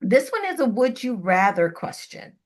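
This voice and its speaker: A woman's voice: medium pitch, very animated, normal speed. A middle-aged woman hosting a radio interview show, chatting playfully and laughing often. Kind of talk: casual interview chat.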